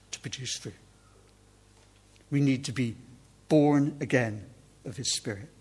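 Giving a relaxed sermon that pokes fun at himself, this preacher frequently loses his thread and then finds it again. His voice is fairly high and slightly rough.

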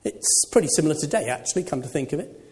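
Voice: mid-range voice, animated, fast talker, darkish tone. A preacher delivering a sermon, voice swooping up and down as it throws rhetorical questions at the congregation. The sound rings with the long reverb of a church.

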